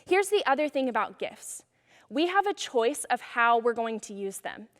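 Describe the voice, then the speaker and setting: Woman, high voice, youth pastor, earnest and encouraging, casual sermon, long reverb. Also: big pitch swings, moderate pace, fairly bright tone. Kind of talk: youth devotional message.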